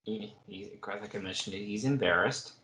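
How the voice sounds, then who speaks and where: A man's voice: lowish voice, moderate pace, sharp tone, reverberant, slight background noise. A man co-hosting a casual book podcast, recapping chapter events with wry asides. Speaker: podcast co-host.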